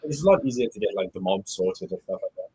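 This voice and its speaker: A man in a casual chat, talking in an animated, excitable way. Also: lowish voice, fast talker, husky, dry recording, poor audio.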